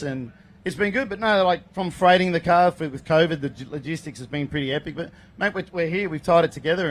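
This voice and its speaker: A man from Queensland with an Australian accent, an off-road race driver chatting in a casual, upbeat interview at an outdoor race event. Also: a little high. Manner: upbeat and chatty, calls people mate.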